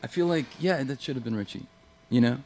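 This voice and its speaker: Male guest musician, lively anecdote teller, casual and profane, average pitch. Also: fairly quick. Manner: animated anecdotes, acts out quoted voices, swears. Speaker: guest guitarist. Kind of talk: casual storytelling chat.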